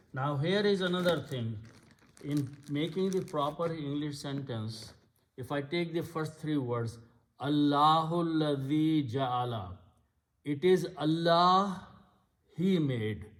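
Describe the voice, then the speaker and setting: A man's voice: a little high, a little slow, a little hiss or hum. A man teaching Arabic grammar of scripture in a patient lesson, explaining step by step and repeating key words. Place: Islamic center classroom.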